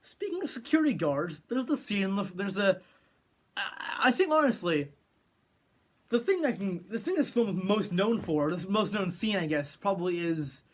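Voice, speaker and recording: A man's voice: high-pitched, sing-song, normal speed. A man from California giving an opinionated movie review rant, sarcastic and rambling with frequent restarts. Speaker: film reviewer.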